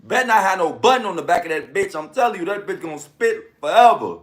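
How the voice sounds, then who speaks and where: A man riffs through a loose commentary rant, full of street slang. His voice sits a little high for a man. Now and then he breaks into sound effects of gunshots. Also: very animated, fast talker, a bit bright. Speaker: commentary host.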